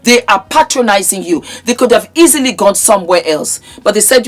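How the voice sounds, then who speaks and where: A woman's voice: fairly high pitch, expressive, moderate pace, few pauses. A woman vlogger with a sore throat, giving an impassioned, scolding commentary with emphatic repetition. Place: in England.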